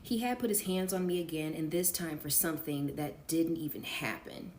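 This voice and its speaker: A woman reading a first-person life story aloud in a casual, informal way. She drops chatty side comments to her audience between passages. Her voice sits fairly low. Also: lively intonation, moderate pace, darkish tone, a little hiss or hum. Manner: reads with chatty off-script asides to listeners.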